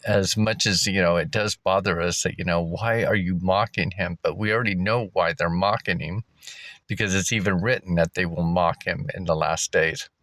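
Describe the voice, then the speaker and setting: A man's voice: low voice, fairly even intonation, normal speed, fairly bright tone, dry recording. A man vlogging from a park, talking in a loose, rambling way with fillers and chuckles. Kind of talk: casual rambling vlog. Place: outdoors at a park.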